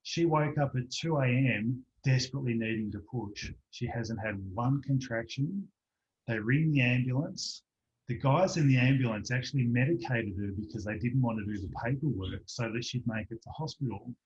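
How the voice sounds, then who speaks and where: A man's voice: medium pitch, normal speed, slight background noise. Man telling a story, lo-fi call. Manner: animated storyteller, acts out voices in anecdotes. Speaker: guest practitioner. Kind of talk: storytelling in an online interview. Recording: dull lo-fi online call audio.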